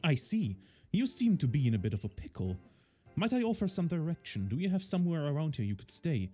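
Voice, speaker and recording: Fussy courteous professor read by a man, lively and sing-song, soft game music under it. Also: on the high side, a little fast, husky, voice pushed up. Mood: fussy politeness. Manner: courteous, old-fashioned formal phrasing. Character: fussy, polite male professor, middle-aged. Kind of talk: reading game dialogue aloud in character.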